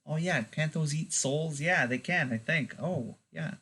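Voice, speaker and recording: A man's voice: on the high side, measured pace, sharp tone, husky, voice pushed up, exaggerated voice. A man voicing a chatty bystander who cheerfully comments on a fight in a tabletop game.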